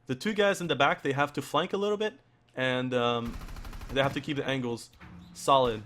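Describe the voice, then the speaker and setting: A man casting a live esports match, hoarse from losing his voice and talking in halting bursts full of restarts and fillers. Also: mid-range voice, fairly bright tone, soft background music. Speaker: esports caster. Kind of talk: live play-by-play commentary.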